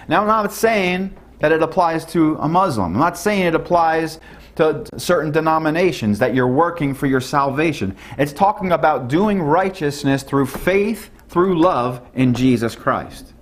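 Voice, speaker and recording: A man preaching an earnest sermon, often repeating himself, rising to emphatic stresses and dropping to low, quiet tones. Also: expressive, unhurried.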